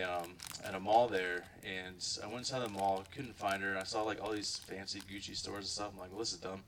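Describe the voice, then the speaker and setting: A young man from Ohio rambles through a church testimony, padding his sentences with fillers and "like". His lowish voice has a bright edge, and he sits back from the microphone with a faint room hum behind him. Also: distant mic, rough recording. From Ohio, USA. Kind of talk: casual spoken testimony to a group.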